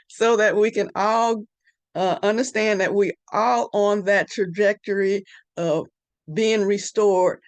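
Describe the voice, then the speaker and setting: A woman giving a hesitant, halting exhortation to a faith group, with many fillers. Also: mid-range voice, dry recording. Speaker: group member.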